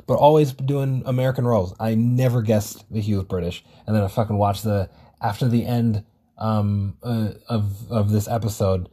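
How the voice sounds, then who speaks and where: This solo podcast host speaks on the low side with a dark tone. His talk meanders casually, and he frequently curses and backtracks to fix what he said.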